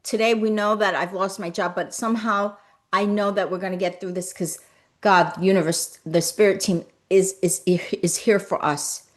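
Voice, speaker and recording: Woman doing a live motivational stream, soft repetitive affirmations, greets chat by name, medium pitch. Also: fairly even intonation, moderate pace. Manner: greets viewers and reads comments aloud. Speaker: spiritual coach and livestream host.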